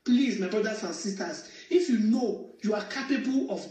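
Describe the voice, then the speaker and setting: High-voiced man appealing for donations, very echoey. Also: expressive, normal speed, mellow. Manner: hesitant, searches for words. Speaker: fundraising appeal speaker. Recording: very echoey room.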